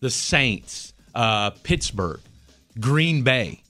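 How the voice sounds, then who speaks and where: A man co-hosting sports talk radio, animated and rambling with many restarts. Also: medium pitch, extremely slow, soft background music.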